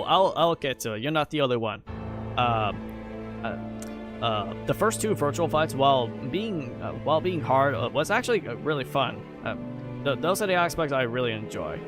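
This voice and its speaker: A man talking casually on a live stream, halting often with fillers and restarts. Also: medium pitch. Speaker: live streamer ranking games. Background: background music.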